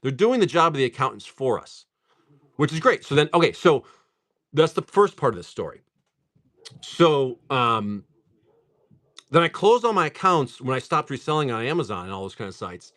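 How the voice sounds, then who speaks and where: Pausing often, a livestream card seller with a medium-pitched voice speaks at a normal pace. He chats casually through a long story while opening card packs, animated and full of "dude" and "like."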